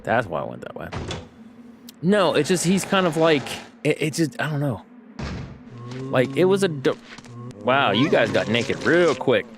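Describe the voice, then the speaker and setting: A streamer rambles through casual gameplay commentary over music, chatty and often stopping to correct himself. His medium-pitched voice makes big pitch swings, and he keeps a measured pace with frequent pauses.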